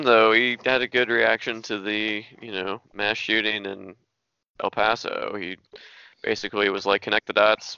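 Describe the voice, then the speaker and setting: A man's voice: on the low side, sharp tone, clear, resonant tone, no echo, highs cut off. A man hosting a podcast, chatting casually, laughing often and hedging his points. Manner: laughs a lot, hedging speech. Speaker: podcast host. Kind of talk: casual chat.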